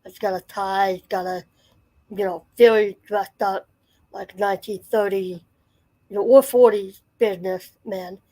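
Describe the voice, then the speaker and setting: A woman's voice: medium pitch, fairly even intonation, a little slow, warm tone, poor audio. A woman in her forties telling a personal story in a casual, rambling way, full of fillers and restarts. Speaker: channel host.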